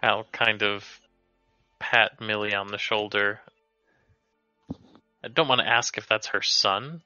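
Brief: male player, rambling and jokey, very sharp low voice, faint music, lo-fi. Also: fairly even intonation, slow, clear, resonant tone, no room sound. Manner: loose, joking, rambling. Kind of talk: casual tabletop chat.

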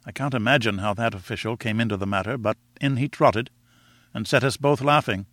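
A man reading a novel aloud in a measured, reflective storytelling manner. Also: mid-range voice, fairly bright tone, no echo, clean studio sound. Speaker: audiobook reader. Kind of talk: scripted narration.

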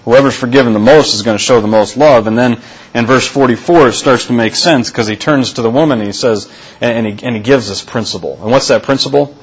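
A male pastor delivering a sermon, deliberate and repeating key phrases for emphasis. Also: mid-range voice, husky, highs cut off.

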